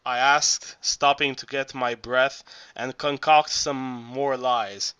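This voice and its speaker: A man's voice: mid-range voice, fairly even intonation, slow, bright, forceful tone, clear, resonant tone, no room sound, lo-fi sound. A man reading an audiobook aloud, often stumbling and restarting words. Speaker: audiobook reader. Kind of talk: amateur audiobook narration.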